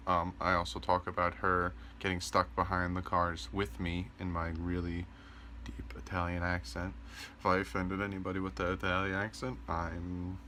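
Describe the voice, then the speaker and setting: A young man talks to his camera from his bedroom in a casual, rambling vlog style, joking and stumbling over fillers. His voice sits low yet bright and forward. A faint room ambience hums behind him. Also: a little hiss or hum. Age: 20s. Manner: rambling, joking, full of ums. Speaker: vlogger.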